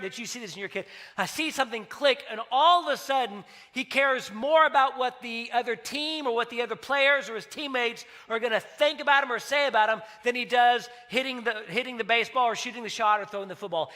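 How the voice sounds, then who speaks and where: A male pastor with a strikingly high, bright voice preaching a sermon. He talks conversationally, telling stories and acting out their dialogue. His tone rings out sharp and clear. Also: quick pace, hardly any pauses. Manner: conversational, storytelling with acted dialogue.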